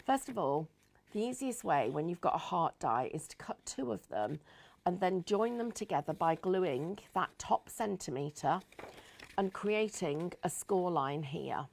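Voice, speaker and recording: A woman's voice: fairly low pitch, creaky. A woman hosting a live craft show, chatting in a rambling, giggly way. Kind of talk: live crafting demonstration chat.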